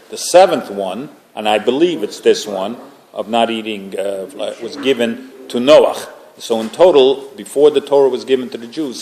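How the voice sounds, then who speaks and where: A man's voice: medium pitch, darkish tone, a little hiss or hum. A man teaching an informal religious class, talking conversationally and making joking asides to the group.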